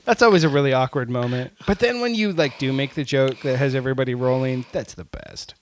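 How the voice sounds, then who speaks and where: A man's voice: medium pitch, brisk, a little hiss or hum. A man co-hosting a podcast, chatting casually, agreeing and laughing easily.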